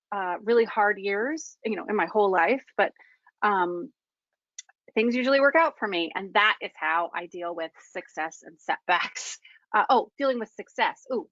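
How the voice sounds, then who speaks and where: A woman's voice: mid-range voice, a bit bright, dry recording, muffled recording. A woman screenwriter presenting a webinar in a candid, conversational way, frank and self-deprecating, with plenty of fillers.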